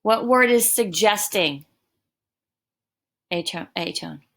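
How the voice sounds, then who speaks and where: A woman teacher giving a recorded lesson, explaining deliberately with emphatic examples. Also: medium pitch, creaky, fairly bright tone. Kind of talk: recorded distance-learning lesson. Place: home.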